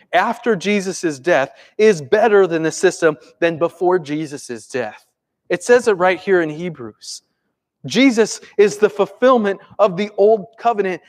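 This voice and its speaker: A male pastor delivering a sermon in a conversational way, moving between lively emphasis and hushed, soft asides. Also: high-pitched.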